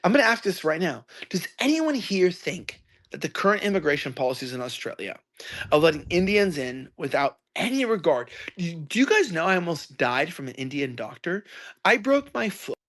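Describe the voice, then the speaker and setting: A man telling a long rambling story in a loud, ranting way. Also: a little high, big pitch swings, moderate pace. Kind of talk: ranting monologue.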